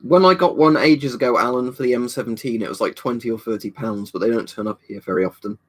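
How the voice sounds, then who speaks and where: A man's voice: mid-range voice, fast talker, slightly rough. Easygoing man chatting on a stream. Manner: rambling, easygoing, reads out chat comments and answers them. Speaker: livestream host. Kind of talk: casual livestream chat, answering viewer comments. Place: indoor storage room at home.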